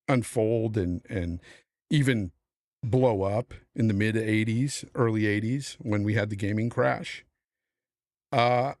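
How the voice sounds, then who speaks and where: A man's voice: mid-range voice, no echo, clean studio sound. A middle-aged man hosting a podcast panel, on a heated, profane rant about the industry. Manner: angry, profane, emphatic ranting. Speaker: podcast host.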